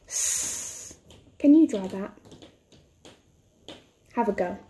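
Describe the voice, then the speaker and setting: A woman teaching young children their letter sounds, talking slowly and patiently. Her voice sits fairly high but has a soft, mellow tone. She showers the children with sing-song encouragement. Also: animated, a little hiss or hum. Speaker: primary school teacher. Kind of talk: phonics lesson for young children.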